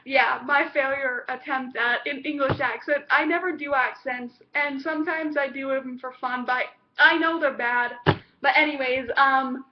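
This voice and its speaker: A woman with a high voice chats her way through an episode review, looping back with fillers and half-finished restarts. The recording is dull and lo-fi. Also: fairly even intonation, moderate pace. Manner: rambling, with many fillers and restarts. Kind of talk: casual chat.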